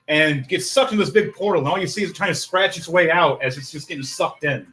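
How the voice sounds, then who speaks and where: A man narrating as game master of a tabletop game, excitable, swearing and laughing often. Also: high voice, brisk, faint music behind.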